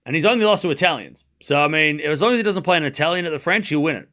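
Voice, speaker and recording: A man's voice: on the high side, lively intonation, very fast, pushed and bright. A man hosting a live stream, chatting casually, often laughing and joking sarcastically as he reads and answers his chat.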